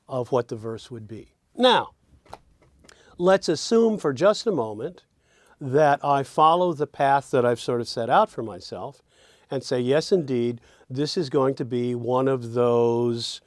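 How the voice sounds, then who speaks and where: A man works through a song lesson at an unhurried pace, musing aloud as he goes. He softly sings and hums the lines he drafts, trying each one out. His voice is close and dry, with no room around it. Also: mid-range voice, dry recording. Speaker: songwriting teacher. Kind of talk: songwriting lesson, thinking aloud.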